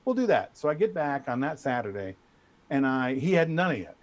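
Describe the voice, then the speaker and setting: A middle-aged man telling a story as a guest in a casual chat, animated and full of restarts. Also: mid-range voice, a little fast. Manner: animated, trash-talking storyteller with many restarts. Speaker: guest speaker.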